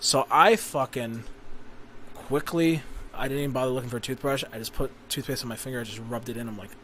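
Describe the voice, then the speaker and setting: A man on a podcast telling a long, profane story about a family fight, getting louder as he rants. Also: medium pitch, quick pace, slight background noise. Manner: profane, ranting storyteller who rises to shouting. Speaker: podcast host. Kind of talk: casual storytelling chat.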